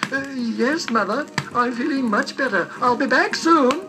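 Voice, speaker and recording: A man's voice: very high-pitched, animated, a little slow, voice pushed up, exaggerated voice. A man voicing an earnest young boy in a children's story, pleading and breathless. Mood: eager.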